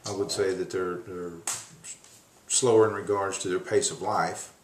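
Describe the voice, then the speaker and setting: A man with a very low voice answers interview questions slowly and with some hesitation. The room is echoey, with faint hiss underneath. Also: fairly even intonation. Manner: unhurried, hesitant.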